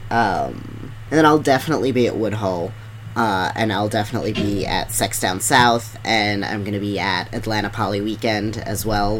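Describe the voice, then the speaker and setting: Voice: deep voice, a little hiss or hum. A podcast co-host chatting casually in a loose, upbeat way with plenty of fillers.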